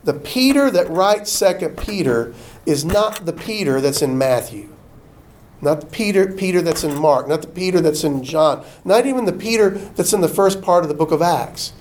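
A man preaching a sermon, folksy and animated, acting out the quotes he tells. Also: a little high, moderate pace, slight background noise. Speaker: pastor.

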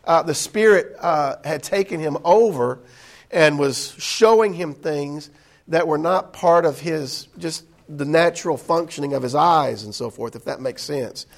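Man leading a Bible class, fairly high voice, relaxed and chatty, full of um and uh. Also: measured pace, gravelly. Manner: conversational, with frequent fillers and restarts. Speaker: Bible study teacher. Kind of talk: casual classroom teaching. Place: indoor meeting room.

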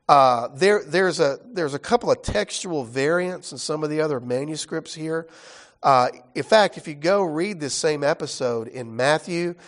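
A man's voice: fairly high pitch, animated, normal speed. A man teaching a Bible study class in a casual, explanatory way, often checking in with his listeners.

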